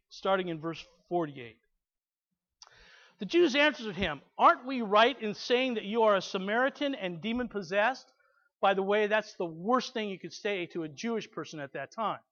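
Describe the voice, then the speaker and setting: A man's voice: high-pitched, a bit bright. A man preaching a sermon, reading scripture aloud with emphatic asides to the congregation. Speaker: pastor. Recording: slightly dull lo-fi recording.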